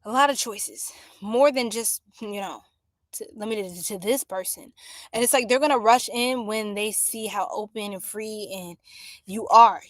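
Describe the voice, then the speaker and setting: A woman giving a casual live-stream astrology reading, chatty and exclamatory, with drawn-out fillers. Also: fairly high pitch, no echo. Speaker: astrology tarot reader. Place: home room by a window.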